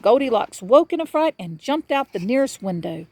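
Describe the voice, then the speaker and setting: Lively woman reading a children's story. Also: mid-range voice, moderate pace, few pauses. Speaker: parent reading aloud to a child.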